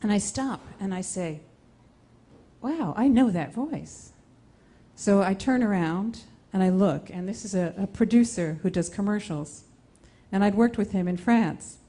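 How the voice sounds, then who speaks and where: A woman from the United States tells a personal story live on stage. Her voice is mellow and warm, animated, and she breaks off and restarts as she acts out the dialogue. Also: mid-range voice, normal speed.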